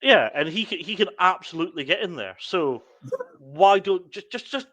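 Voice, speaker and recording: A podcast co-host with a high-sitting, animated voice, bright and forceful, talks at normal speed through match moments step by step in casual sports chat. There's no room sound on the recording.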